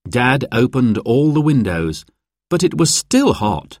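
A man giving a slow, clear, expressive narration of a children's storybook. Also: mid-range voice, dry recording, studio quality. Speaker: audiobook narrator.

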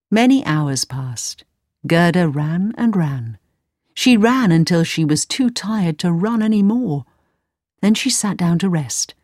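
A woman narrating a storybook in a calm, measured reading voice. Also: fairly low pitch, no echo, studio quality.

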